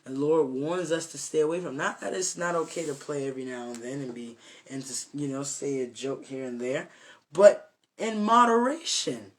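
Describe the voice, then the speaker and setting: A man's voice: fairly high pitch, moderate pace. A young man giving an informal, earnest devotional talk, rambling with many fillers and restarts. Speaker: self-made preacher.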